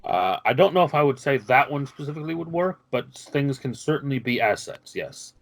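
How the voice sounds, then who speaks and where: A man explaining the rules of a tabletop game as game master, measured and patient. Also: medium pitch, lively intonation, low-quality recording.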